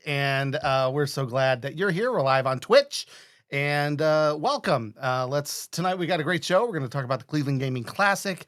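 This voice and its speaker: A man's voice: mid-range voice, moderate pace, fairly bright tone, no room sound, studio quality. A man hosting a live-streamed podcast in casual, upbeat, rambling chat. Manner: upbeat, rambling, laughs often. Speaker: podcast host.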